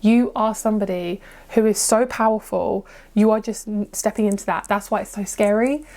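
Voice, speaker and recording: A woman's voice: mid-range voice, fairly even intonation, normal speed, warm tone. Brief: chatty woman giving a tarot reading. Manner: chatty and encouraging, stumbles over hard words. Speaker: tarot reader. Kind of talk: pick-a-card tarot reading to camera.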